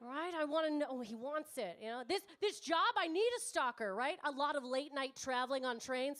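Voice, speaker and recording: A woman's voice: sits high, fairly quick, few pauses, fairly bright tone. A woman in her thirties doing stand-up comedy, brash and teasing the crowd, swearing freely. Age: 30s. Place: comedy club stage before a live audience.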